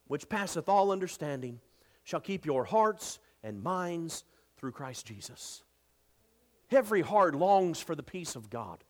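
Male pastor, 30s, high voice, emphatic sermon delivery with repeated phrases. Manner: repeats words when speaking casually.

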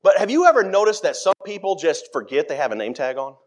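A middle-aged man preaching a sermon, acting out scripture quotes with dramatic swings in pitch and loudness. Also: very animated, fast talker.

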